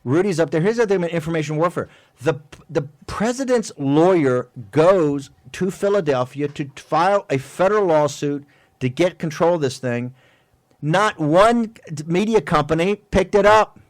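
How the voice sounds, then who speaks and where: A man hosting a political talk radio show, talking in an emphatic, fiery way with rapid-fire rhetorical questions. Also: a little high, animated, no echo. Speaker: host.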